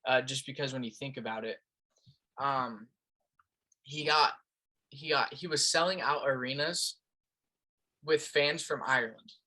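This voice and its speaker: A man's voice: mid-range voice, a little slow, pauses often, bright, forceful tone. A young man from Las Vegas hosting a casual podcast interview, easygoing and agreeable, often chiming in with short affirmations. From Las Vegas, United States. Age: young adult. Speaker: podcast host.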